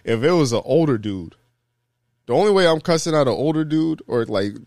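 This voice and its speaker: A man's voice: mid-range voice, fairly quick, no echo, clean studio sound. A young man co-hosting a podcast, telling a story in casual chat with lots of profanity and acted-out quotes. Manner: animated storytelling, heavy profanity, acts out quoted voices. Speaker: podcast co-host.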